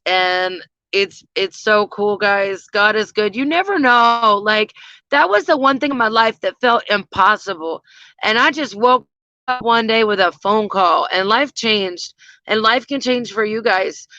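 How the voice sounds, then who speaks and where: A woman's voice: mid-range voice, sharp tone, no room sound. Chatty lady vlogger, dry close mic, kinda dull lo-fi sound. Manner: chatty, gushing, lots of fillers. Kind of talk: casual chat to viewers.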